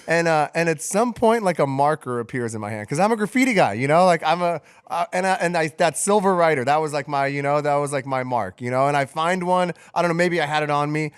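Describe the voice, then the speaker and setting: A man tells a wild story on a podcast, his voice sitting a bit high for a guy. He talks loosely and profanely and piles on fillers like "you know" and "like". The energy rises and falls with the tale. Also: lively intonation, fast, hardly any pauses, smooth. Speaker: podcast co-host telling a story. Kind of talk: casual storytelling.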